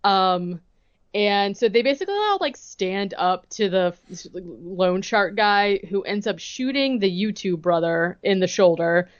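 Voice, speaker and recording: A woman's voice: mid-range voice, animated, unhurried, dry recording, muffled recording. A woman co-hosting a podcast in casual chat, recapping a movie scene by scene. She leans on "like" a lot and acts out the characters' lines and her own reactions. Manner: chatty, heavy use of "like", quotes characters and her own reactions. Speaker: podcast co-host.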